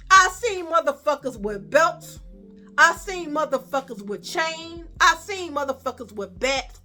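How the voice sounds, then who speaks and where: A woman with a Chicago accent spins a story from her own life, high-pitched and bright, with a sharp edge to her voice. She talks casually and swears freely, acting out each line of dialogue with lively energy. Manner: animated, profane, acts out quoted dialogue.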